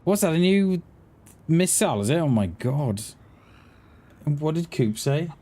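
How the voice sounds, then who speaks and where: A man's voice: a little high, expressive, moderate pace, pauses often, warm tone. A man streaming a survival game, chatting casually with his viewers in a rambling way, often restarting his words. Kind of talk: casual livestream chat while gaming.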